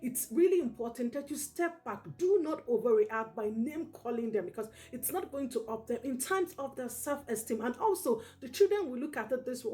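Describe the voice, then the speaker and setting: A woman's voice: fairly high pitch, expressive, fairly quick, hardly any pauses, dark tone. A woman giving parenting advice straight to camera, earnest and repetitive, checking in with her listeners by saying "okay?" again and again. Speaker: parenting educator.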